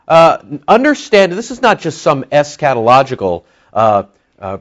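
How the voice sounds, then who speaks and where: A man preaching an expository sermon, talking conversationally with many fillers and slowing down to stress key words. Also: a little high, huge pitch swings, highs cut off. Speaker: pastor teaching a Bible study.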